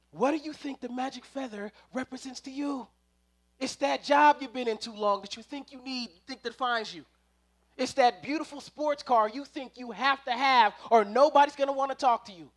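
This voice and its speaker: Guy preaching, telling stories, acting it all out, goes loud then real quiet, very high voice. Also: moderate pace. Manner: animated, acting out scenes, swings from loud to hushed. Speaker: preacher at a spiritual center. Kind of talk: sermon with storytelling. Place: live church service.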